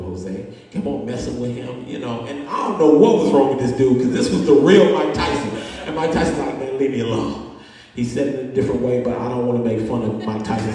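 A man with a fairly high voice preaches a lively, joking sermon, chatting with his congregation between points. His voice sounds a little far from the mic and rings through a large church hall with a long echo. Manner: animated, conversational preaching with humor. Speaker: pastor. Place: church sanctuary.

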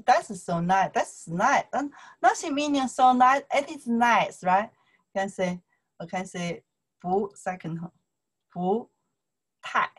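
A woman with a Chinese accent gives a relaxed online language lesson, talking slowly and asking "okay?" after nearly every phrase. Her voice is soft and a little breathy, at a medium pitch. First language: Mandarin Chinese. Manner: slow, repetitive, checks in with "okay?" constantly.

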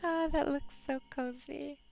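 A woman's voice: high-pitched, steady tone, measured pace, creaky, a little mellow, faint music behind. A woman hosting a let's play, reading a visual novel aloud and gushing over it with playful asides.

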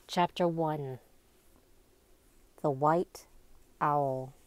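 A woman reading a novel aloud in a slow, even and deliberate storybook narration. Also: sits low, dry recording. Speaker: amateur reader.

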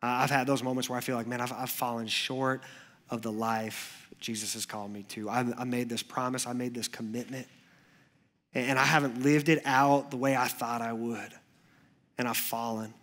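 A man preaching a sermon in church, conversational, moving between animated asides and hushed, earnest passages. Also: medium pitch, moderate pace. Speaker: pastor.

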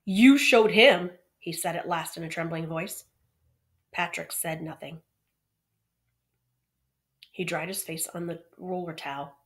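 A woman's voice: lowish voice, fairly bright tone. A woman reading a children's novel aloud, with chatty asides between passages. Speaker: reader.

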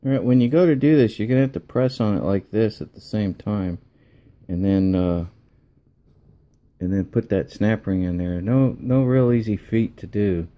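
A man's voice: on the low side, normal speed, dark tone. Chatty man explaining a workbench repair. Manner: chatty, folksy, thinking aloud while working. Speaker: electronics repair hobbyist. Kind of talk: casual repair tutorial. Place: home workbench.

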